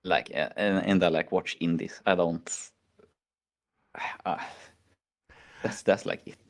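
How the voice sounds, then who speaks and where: Hosting a laid-back chat stream, a man from Sweden with a Swedish accent wanders through anecdotes and performs his own reactions. He has a deep voice with a steady tone, and he takes things slowly.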